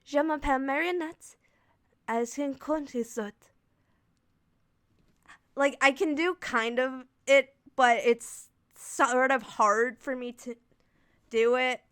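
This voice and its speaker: A woman livestreaming in casual chat, answering viewers' questions and gushing like an excitable fangirl. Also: high-pitched, slow pace, long pauses, clear, resonant tone, no echo.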